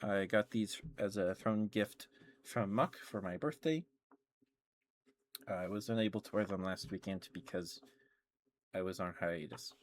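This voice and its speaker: ASMR streamer, man, lowish voice, soft rambling chat with giggles, close mic. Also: unhurried, long pauses, slight background noise. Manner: rambling, laughs often, greets chat warmly. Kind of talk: soft-spoken chatty storytelling stream.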